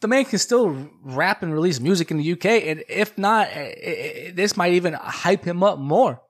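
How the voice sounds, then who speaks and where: Slightly high-voiced rambling podcast man. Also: lively intonation, normal speed, slightly rough. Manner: rambling, musing. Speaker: podcast co-host. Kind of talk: casual chat.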